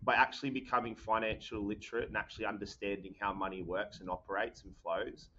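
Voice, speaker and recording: A young Australian man, a podcast guest, talking in an energetic, rambling way with lots of fillers. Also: fairly low pitch, quick pace, lo-fi sound, slight background noise. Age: young adult. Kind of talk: casual podcast chat.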